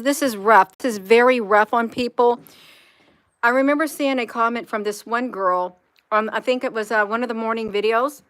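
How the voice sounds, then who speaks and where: A woman hosts a live stream in an earnest, repetitive way, circling back to the same phrases and reading out viewers' comments. Her voice sits somewhat high and sounds bright and forceful. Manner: repetitive, earnest, reads chat comments aloud. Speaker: spiritual vlogger.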